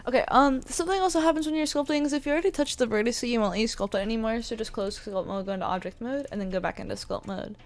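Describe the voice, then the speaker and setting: A woman with a somewhat high voice talks very fast with few pauses in a casual screen-recorded tutorial on 3D modeling. She's chatty, thinks out loud with plenty of fillers, and has the hiccups.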